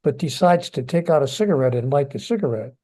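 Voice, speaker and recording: An older man, a guest author, talking in an interview in a gentle, soft-spoken, unhurried way. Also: mid-range voice, lively intonation, breathy edge. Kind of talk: interview conversation.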